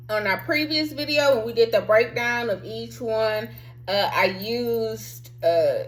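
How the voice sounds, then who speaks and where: Animated woman giving a fiery spiritual talk. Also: on the high side, poor audio. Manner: emphatic, profane, preacher-like. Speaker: spiritual self-help host.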